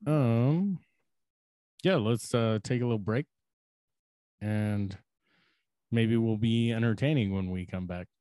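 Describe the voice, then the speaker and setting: A man's voice: fairly low pitch, takes it slowly, long pauses, mellow, no room sound, studio quality. A young man co-hosting a casual podcast, rambling and crude, mocking himself and laughing often. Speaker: podcast co-host.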